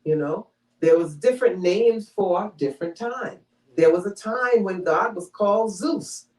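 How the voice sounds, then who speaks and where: A woman's voice: mid-range voice, unhurried, darkish tone. Woman preaching in an echoey hall. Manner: teaching tone, checks in with "all right?" and "you know". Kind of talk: conversational sermon. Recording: echoey room, mic from far off.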